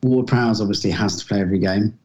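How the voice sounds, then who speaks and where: A man's voice: fairly low pitch, quick pace, a little mellow. A young man co-hosting a casual podcast, hesitant and self-deprecating, speaking over a video call. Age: young adult. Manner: hesitant, many fillers and restarts, self-deprecating. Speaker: podcast co-host. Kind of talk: casual chat. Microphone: laptop video call. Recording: dull lo-fi call audio.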